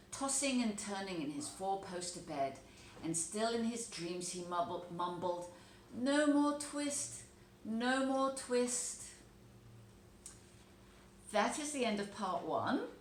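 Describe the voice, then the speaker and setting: A woman reads a storybook aloud to children, her voice swooping up and down with lively expression. The room is echoey and roomy, with a faint hum of background noise beneath her. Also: medium pitch, moderate pace. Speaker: teacher reading a story aloud. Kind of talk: storybook read-aloud narration.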